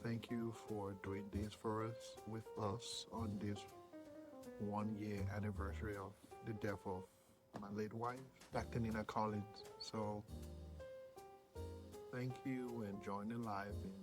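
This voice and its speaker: A man hosting a memorial live stream, welcoming callers and consoling them in a gentle, soft-spoken way. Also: on the low side, level tone, a little slow, music in the background.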